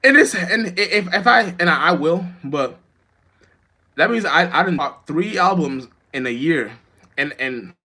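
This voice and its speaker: Bright-voiced man rambling on a stream. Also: on the high side, expressive, measured pace. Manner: loose and rambling, loses his train of thought; swears freely, laughs often. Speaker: rapper streaming to viewers. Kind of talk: rambling casual livestream chat.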